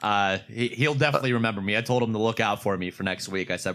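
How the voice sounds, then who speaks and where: A man's voice: lowish voice, quick pace. A man from Pittsburgh telling a convention story in casual chat, profane, acting out other people's lines. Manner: animated, profane, acts out quotes in raised voice.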